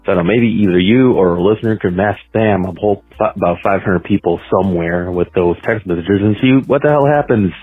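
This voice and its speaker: A man's voice: low-pitched, fast talker, few pauses, husky, dry recording, soft background music. A man leaving a rambling, hesitant voicemail for a show. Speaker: voicemail caller. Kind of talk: phone voicemail. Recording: tinny phone voicemail.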